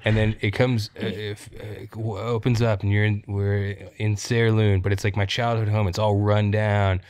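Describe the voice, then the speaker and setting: A man playing in a tabletop game, describing his character's scene in halting, repeated words. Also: on the low side, little pitch movement, darkish tone, a little hiss or hum. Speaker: player.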